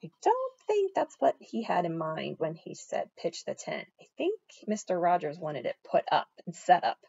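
A woman's voice: lowish voice, wildly swooping pitch, normal speed, creaky, few pauses, a little mellow, slightly rough, muffled recording. A woman reading a children's picture book aloud and adding her own comments on the story. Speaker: storybook reader.

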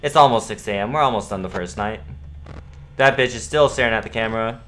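A young man streaming a horror game, swearing, repeating himself and yelling at scares. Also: fairly low pitch, fast talker, a little hiss or hum. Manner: profane, jumpy, repeats himself, yells at jumpscares. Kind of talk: live gameplay commentary.

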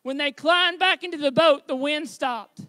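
A man preaching a sermon as pastor, with a high tenor voice, earnest and building to shouted exhortation. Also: normal speed, no room sound.

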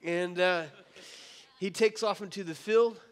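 A man's voice: high-pitched, fairly even intonation, measured pace, clean tone, in a large hall. A man preaching a sermon as pastor, casual and joking, acting out the people in his story. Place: church hall.

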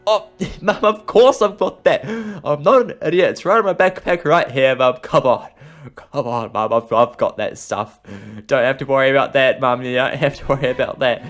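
A young man, excitable and chatty, hosting an improvised game role-play. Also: mid-range voice, moderate pace. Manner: excitable, chatty, lots of laughs. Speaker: video host. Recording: faint music behind.

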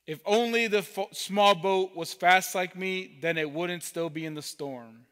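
A man voicing a boastful fast boat in a story. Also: sits high, a bit bright, clear, resonant tone, big-room sound.

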